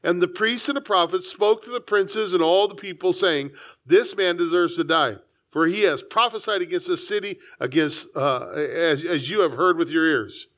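A man's voice: high voice, moderate pace, fairly bright tone. A man preaching a sermon as a pastor, reading scripture and talking in a conversational way with frequent asides. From United States.

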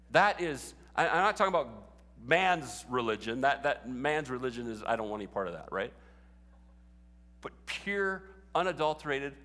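A man's voice: on the high side, a bit bright. A man preaching a sermon as pastor, chatty at first and rising to fervent exhortation. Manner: conversational, building to fervent exhortation. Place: church sanctuary. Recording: long reverb of a large hall.

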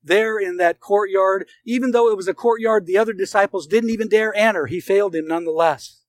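A male pastor preaching a sermon, retelling scripture stories earnestly with dramatic pauses. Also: high-pitched, low-quality recording.

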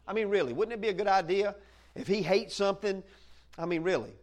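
Folksy higher-voiced preacher. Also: male voice, quick pace. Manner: folksy and animated, acts out quoted voices, laughs often. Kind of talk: conversational sermon. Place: church meeting room with listeners.

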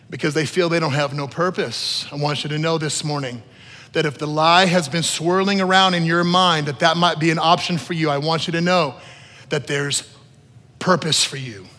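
High, bright-voiced preacher in an echoing hall. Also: male voice. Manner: builds to loud, high-pitched emphatic preaching; repeats phrases for emphasis, asks the room to respond. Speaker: pastor. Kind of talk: sermon. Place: church hall with long reverb. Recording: echoey church hall.

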